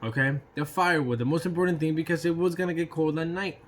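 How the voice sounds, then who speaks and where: A man telling a casual personal anecdote in an animated way, swearing freely and throwing in sound effects. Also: a little high, fast. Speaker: storyteller.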